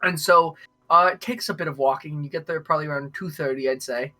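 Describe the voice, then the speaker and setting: A young man running a tabletop game as game master, talking in halting stretches with many fillers. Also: a little high, pushed and bright, faint music behind. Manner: hesitant, many fillers and restarts.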